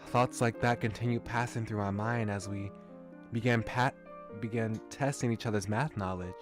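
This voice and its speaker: Low-voiced man narrating a visual novel. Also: fairly even intonation, moderate pace, over music. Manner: chuckling, musing asides between read lines. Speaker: streamer. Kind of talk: reading a visual novel aloud with commentary.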